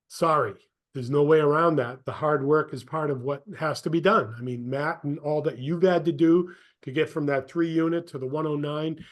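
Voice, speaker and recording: A man hosting a podcast interview, emphatic, stressing points by repeating phrases. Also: a little high. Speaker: podcast host. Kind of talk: casual interview talk.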